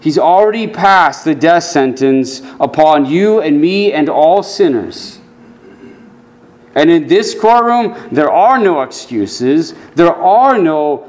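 A man preaching a sermon, earnest, dropping his voice low and soft when he quotes scripture. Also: expressive, slow pace. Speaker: pastor.

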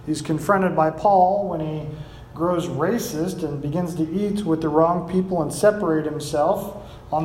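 A man's voice: on the high side, darkish tone, a little hiss or hum. Man preaching in an echoey hall. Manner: expository preaching, reads scripture aloud with rising emphasis. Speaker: pastor. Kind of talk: sermon.

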